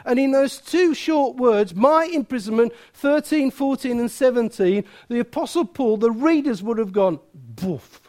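Male preacher, very high voice, chatty sermon style with asides to the congregation. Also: moderate pace, few pauses, a little mellow. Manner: chatty, self-mocking, asks the room questions.

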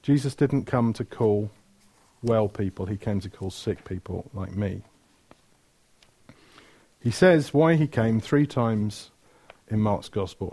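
A man's voice: on the low side, unhurried, dark tone. A man preaching a sermon, retelling stories with energy, asking the room questions and correcting himself mid-flow.

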